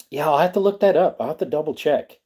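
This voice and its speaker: A man's voice: on the high side, dark tone, husky. A man hosting a casual livestream, rambling and answering his chat as he talks. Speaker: livestream host.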